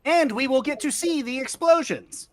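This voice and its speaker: Brief: a man doing a high-voiced warforged construct, stiff and formal. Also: animated, moderate pace. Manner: stiff, precise, formal phrasing.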